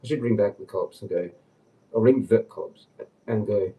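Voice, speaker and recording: A man rambles on a casual livestream, restless and swearing, sometimes muttering low and sometimes rising sharply. His voice is dark and mellow, a bit low, and it sounds distant from the microphone. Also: moderate pace. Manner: rambling, agitated, swearing often, mutters low then jumps high. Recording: distant from the mic.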